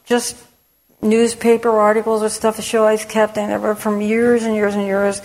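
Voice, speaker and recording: A medium-pitched, monotone, slightly mellow voice at normal speed belongs to a middle-aged woman speaking in women's ministry. Before a church audience she tells her story frankly and conversationally, with many restarts and "you know"s. The recording has long hall reverb.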